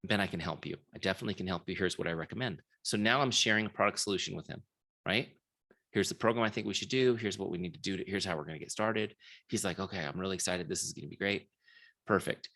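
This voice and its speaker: Low-pitched and sharp, this man talks quickly while leading a sales training over a video call. As a software founder, he tells stories with acted-out dialogue and keeps checking in with the people listening in this live online session.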